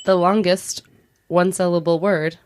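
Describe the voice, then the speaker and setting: A woman co-hosting a podcast, chatty and giggly as she talks in quick bursts. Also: fairly low pitch, fairly even intonation. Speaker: podcast co-host. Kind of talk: casual chat.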